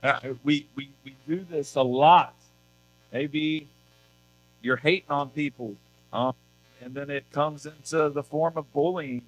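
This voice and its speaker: A man with a slightly high voice delivers a youth sermon at a church service. He keeps it casual and conversational, checking in with the room through rhetorical questions. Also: steady tone, unhurried, low-quality recording. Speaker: youth pastor.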